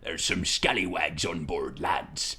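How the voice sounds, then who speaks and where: A man voicing a gruff, boozy male pirate who talks in salty sea-dog slang over a video game. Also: very deep voice, takes it slowly, pushed and bright, pitched below the performer's own voice, exaggerated voice. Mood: swaggering.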